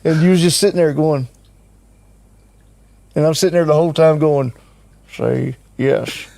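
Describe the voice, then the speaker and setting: A man's voice: a little high, fairly even intonation, moderate pace, dark tone, no room sound. An older man telling a story in casual conversation, acting out what others said and chuckling often. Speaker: team member recounting a trip.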